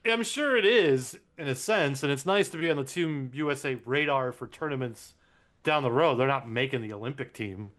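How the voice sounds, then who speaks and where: A man's voice: medium pitch, moderate pace, a bit bright. A man co-hosting a casual sports podcast, wry and sarcastic, often laughing. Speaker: podcast co-host.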